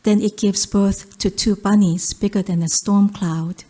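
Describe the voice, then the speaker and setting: A woman from South Korea with a Korean accent, reading her poetry aloud in a measured, rhythmic recitation. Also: medium pitch, steady tone, mellow. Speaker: poet.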